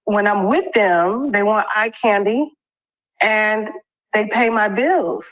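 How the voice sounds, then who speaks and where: A woman interviewing a guest, firm and measured as she presses her questions. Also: mid-range voice, fairly bright tone, lo-fi sound.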